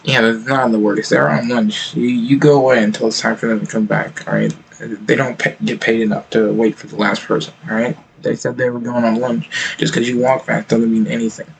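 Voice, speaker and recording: A man's voice: mid-range voice, level tone, fairly quick, creaky, breathy edge, poor audio. A man streaming his reactions to videos, ranting bluntly and with plenty of swearing. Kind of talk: reaction commentary.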